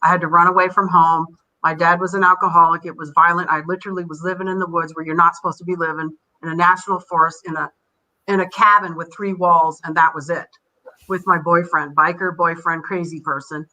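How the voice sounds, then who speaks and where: An older woman, a grandmother and podcast guest, telling rambling, animated stories and acting out the voices she quotes. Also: lowish voice, a little fast, low-quality recording. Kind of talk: casual interview storytelling.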